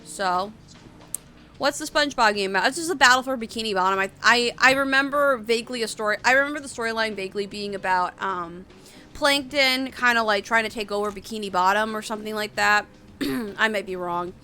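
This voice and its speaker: A woman's voice: on the high side, brisk, sharp tone, faint music behind. A woman in her late twenties rambling casually on a live stream, reading out chat messages and answering them. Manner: rambling, chatty, reads chat aloud.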